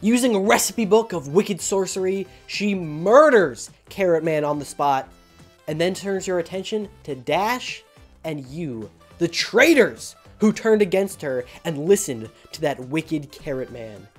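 A woman's voice: lowish voice, lively intonation, unhurried, soft background music. A woman narrating a video game story recap in a scripted, playful style with sarcastic asides.

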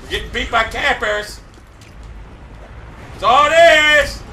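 A man commentating his own gameplay live, cursing and boasting, often breaking into frustrated shouting. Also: extremely high pitch, measured pace. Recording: echoey room, distant mic, faint hiss.

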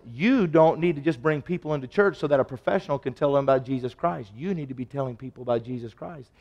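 A man preaching a sermon, telling stories and acting out the dialogue, his voice swinging from loud to hushed. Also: on the high side, in a large hall. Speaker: pastor. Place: church sanctuary.

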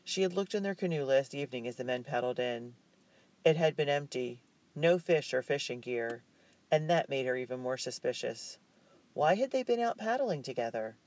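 A male audiobook narrator reading a chapter book at a measured, even pace. His delivery is calm and steady, built for storytelling. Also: medium pitch, dry recording.

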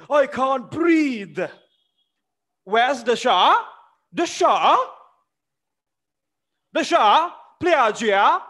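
A man's voice: extremely high pitch, fairly bright tone, voice pushed up, heavily acted. A man reading aloud as a frail, panicky old male servant who wails and gasps for breath in a play reading.

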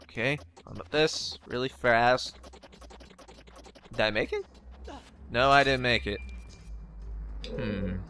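A man's voice: mid-range voice, slow, pauses often, bright, forceful tone. A young man giving casual, jokey gameplay commentary, talking back to the game and swearing now and then. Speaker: let's play gamer. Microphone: facecam desk mic. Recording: game music underneath.

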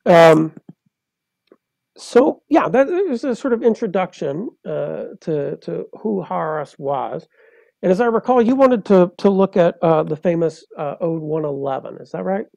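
A man's voice: high voice, animated, measured pace, vocal fry, mellow, no echo. A man, a poet and translator, explaining things step by step in a professorial way as a guest in an interview. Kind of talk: interview conversation.

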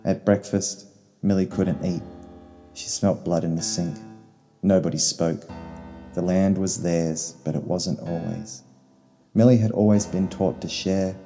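A man reading a short story in slow, solemn narration. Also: sits low, mellow. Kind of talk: scripted narration. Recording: long reverb, faint guitar music.

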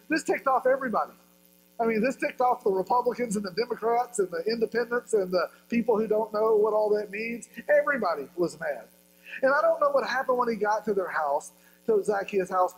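A man's voice: sits high, a little hiss or hum, low-quality recording. A male pastor giving a sermon, telling a story with humor and acting out voices.

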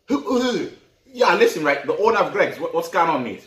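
A man from Africa with a Geordie accent goes on a fuming, foul-mouthed comic rant. His voice sits a little high. He is recorded off-mic in a roomy, echoing space. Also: lively intonation, normal speed, a bit bright, far from the mic. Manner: angry, profane ranting. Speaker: comic vlogger. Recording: echoey room, off-mic.

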